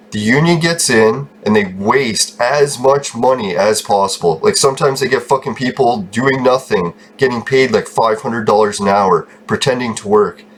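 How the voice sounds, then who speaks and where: A man's voice: mid-range voice, a little hiss or hum. A man, hosting a gaming channel and talking casually, swearing heavily and ranting. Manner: heavy swearing, ranting, quick laughs. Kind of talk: casual rambling commentary while gaming.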